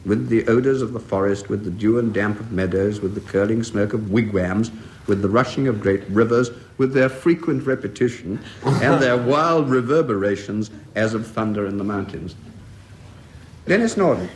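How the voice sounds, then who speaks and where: A man hosting a radio panel quiz and reading verse aloud in a measured way, enjoying the quotations. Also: fairly low pitch. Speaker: quiz host. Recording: faint hiss of an old radio tape. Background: studio audience laughter.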